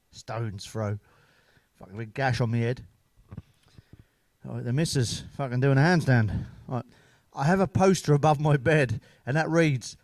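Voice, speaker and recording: Here a middle-aged man does stand-up, telling jokes and stories bluntly, swearing freely and chuckling at his own lines. His mid-range voice is expressive and a little mellow, moving at a moderate pace with long pauses and no room sound.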